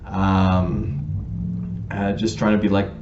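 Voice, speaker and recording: Low, mellow man telling a story. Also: flat delivery, extremely slow, a little hiss or hum. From Canada. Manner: pedantic, digressive, with many ums and restarts. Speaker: vlogger telling a personal story. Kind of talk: casual storytelling to camera. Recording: roomy, slightly dull recording.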